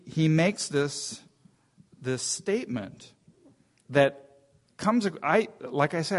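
Man teaching scripture, thinking aloud. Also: mid-range voice. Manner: informal, thinking aloud with frequent restarts. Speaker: Bible teacher. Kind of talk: conversational Bible teaching.

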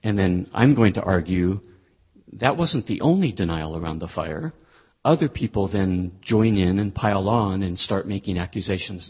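A man with a low, husky voice teaches a Bible lesson. He talks it through conversationally, pausing and restarting as he thinks. His delivery stays plain and explanatory. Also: animated, darkish tone. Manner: thoughtful, conversational, with frequent restarts. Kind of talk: explaining a scripture passage.

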